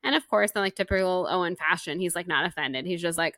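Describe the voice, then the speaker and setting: Bright, chatty woman podcaster. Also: lowish voice, a little fast, no echo, clean studio sound. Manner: chatty, retells scenes with quoted lines and laughs. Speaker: podcast co-host. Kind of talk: casual book-club chat.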